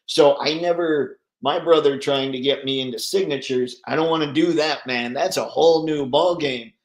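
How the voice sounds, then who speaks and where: A man's voice: fairly high pitch, moderate pace, reverberant. A man hosting a casual livestream, reading viewer comments aloud and chatting back with frequent laughs. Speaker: livestream host reading chat. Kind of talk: casual live chat.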